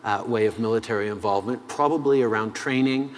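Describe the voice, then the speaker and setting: Measured man pausing on "uh"s. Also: lowish voice, big-room sound. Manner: measured, with frequent "uh" pauses. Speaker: head of government being interviewed. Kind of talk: interview answers.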